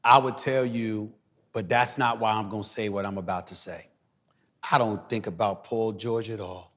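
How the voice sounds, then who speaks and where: A middle-aged man as a guest commentator, talking loudly and emphatically on a podcast. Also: on the low side, moderate pace. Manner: loud, animated, preacher-like emphasis. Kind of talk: emphatic podcast interview talk. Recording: reverberant room.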